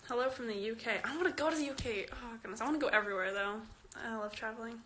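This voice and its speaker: A fourteen-year-old Canadian actress giggles and chats casually while reading fan questions aloud on a phone live stream, the phone held at arm's length. Her voice is on the high side, fast, bright and forceful, with slight background noise.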